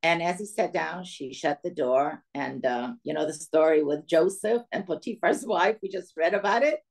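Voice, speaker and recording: An older woman from the former Soviet Union speaks as a guest to a gathering of women. She tells her family's story in a lively way, acting out the voices of the people in it. Her voice sits a little low for a woman. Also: moderate pace, gravelly. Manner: lively storyteller who acts out quoted dialogue. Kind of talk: storytelling talk to a women's audience.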